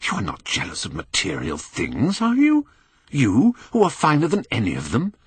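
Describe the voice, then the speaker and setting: An earnest, pained painter, as a male reader plays him, urgent and pleading. His voice is pushed well above the narrator's low tone and swings widely. It is husky and close. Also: huge pitch swings, moderate pace, dry recording, heavily acted.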